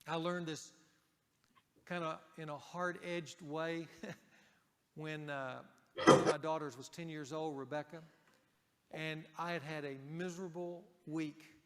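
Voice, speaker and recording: A male pastor preaching a sermon in a conversational way, raising his voice for emphasis and dropping it softly for key points. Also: on the high side, level tone, slow, pauses often, long reverb tail, a little hiss or hum.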